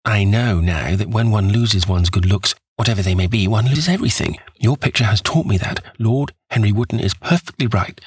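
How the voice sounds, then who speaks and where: A man reading a novel aloud, voicing a vain young man who despairs over losing his youth, in a pleading, husky voice. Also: fairly low pitch, a little fast, hardly any pauses, no echo, clean studio sound. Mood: anguished.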